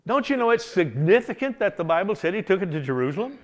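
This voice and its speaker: Male preacher, revival sermon, folksy animated storytelling, chuckles, fairly high voice. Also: fast talker.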